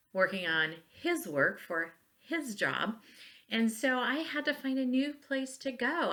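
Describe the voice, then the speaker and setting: A woman in her forties teaching a phonics lesson to young children from her bedroom at home, speaking slowly and clearly and drawing out each sound to encourage them. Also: lowish voice, sharp tone. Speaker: elementary school teacher.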